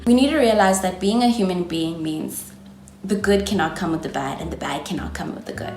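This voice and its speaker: Brief: twenties South African woman vlogger, South African accent, chatty and encouraging, lowish voice, echoey room, faint music. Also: moderate pace. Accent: South African English. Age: 20s. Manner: chatty, encouraging, calls viewers darling. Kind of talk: casual advice talk to camera.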